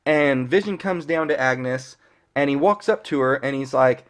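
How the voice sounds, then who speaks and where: A man's voice: medium pitch, moderate pace. A man giving a casual, rambling episode recap as a fan reviewer, full of fillers and mild swearing.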